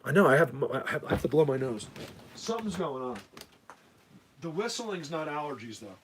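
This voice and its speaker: A man's voice: on the high side, sing-song, normal speed, noisy background. A man hosting a casual livestream, rambling and stammering as he thanks viewers, bothered by a whistling ringing in his ears. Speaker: livestream host.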